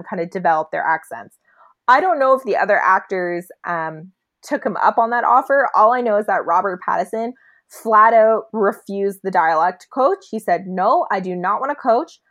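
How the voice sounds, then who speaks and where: A woman chats about a film on a podcast. She talks in loose, rambling runs full of fillers and restarts, at an ordinary pitch. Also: normal speed, fairly bright tone. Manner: chatty, many fillers and restarts. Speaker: podcast co-host. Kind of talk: casual movie discussion.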